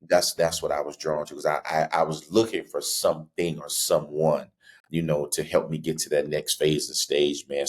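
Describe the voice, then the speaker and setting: A man's voice: extremely low pitch, little pitch movement, normal speed. A man hosting a podcast, talking in a heartfelt, emotional, rambling way. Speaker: podcast host. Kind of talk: conversational interview.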